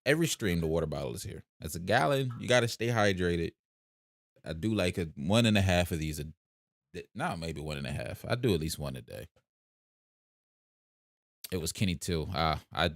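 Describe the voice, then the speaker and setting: A young man from South Jersey, USA, with a South Jersey accent hosts a laid-back livestream, chatting casually as he reads and answers comments. His voice is deep with vocal fry, captured in clean studio sound with no echo.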